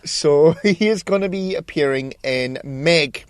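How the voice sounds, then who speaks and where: A man co-hosting a casual podcast, telling stories in a joking, rambling way. His voice sits a little high, and the recording is dry and close. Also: unhurried, clear, resonant tone, no room sound. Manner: jokey, rambling, swears freely. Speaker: podcast co-host. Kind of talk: casual chat.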